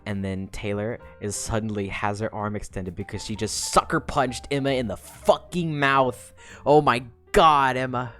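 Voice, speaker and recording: Very low-voiced, swearing woman streamer. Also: moderate pace, a bit bright, faint music behind. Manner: profane, emotional, laughs and sighs often. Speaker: streamer recapping a web serial. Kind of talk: casual reading recap on a stream.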